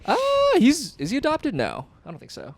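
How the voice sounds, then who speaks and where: A man chatting as a podcast co-host, his voice sitting a little high. He jokes at his own expense and laughs easily. The sound is close and dry, with no room around it. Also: huge pitch swings, moderate pace, darkish tone, no room sound. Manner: laughs often, jokey and self-mocking. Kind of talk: casual chat.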